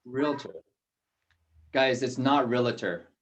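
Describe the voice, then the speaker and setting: A man hosting an interview on a video call, chatty and relaxed, with plenty of ums and restarts. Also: mid-range voice, a little slow. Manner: relaxed, many fillers and restarts. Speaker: host. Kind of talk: casual interview.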